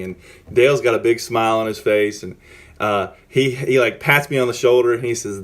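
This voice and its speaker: A man, a former pitcher, telling a story in a casual, excited way, often restarting and repeating words. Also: moderate pace.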